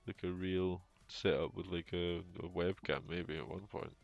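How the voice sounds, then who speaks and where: On a headset in his home room, a streamer and young father speaks in a deep, gravelly voice with a steady tone at normal speed. His casual gaming stream chat rambles, is filler-heavy, and is full of jokes, recorded with dull lo-fi sound and music behind.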